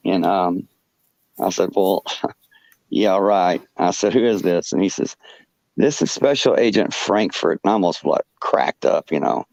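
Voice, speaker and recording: Very deep-voiced man, halting rambling story. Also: creaky, a little mellow, dry recording, low-quality recording. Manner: halting, full of fillers and restarts. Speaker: podcast guest telling a personal story. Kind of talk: rambling first-person anecdote.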